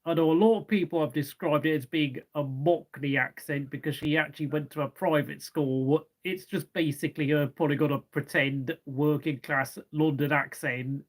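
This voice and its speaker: A man's voice: a little high, steady tone, normal speed, hardly any pauses. A young man hosting a live race watchalong, chatting casually and rambling to fill the gaps between race updates. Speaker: watchalong host.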